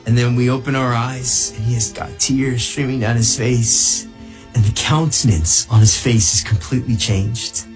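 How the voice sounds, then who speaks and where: A man, a missionary, telling a testimony in an animated storytelling way, leaping high in pitch when he acts out what people said. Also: moderate pace, soft background music. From United States. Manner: excitable, jumps high when quoting people, laughs through the telling.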